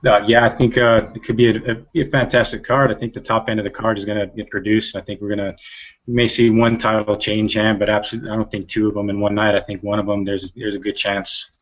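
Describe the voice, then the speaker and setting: A man appearing as a sports radio guest on a podcast, giving measured, hedged predictions. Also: lowish voice, level tone, fairly bright tone, lo-fi sound.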